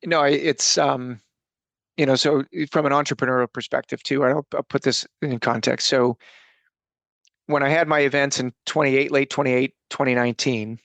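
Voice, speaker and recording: Middle-aged male guest with a gravelly voice, earnest storytelling, dry close mic. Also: mid-range voice, steady tone, moderate pace, a bit bright, dry recording. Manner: earnest, rambling with frequent restarts. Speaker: podcast guest, coach and speaker. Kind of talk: casual interview storytelling.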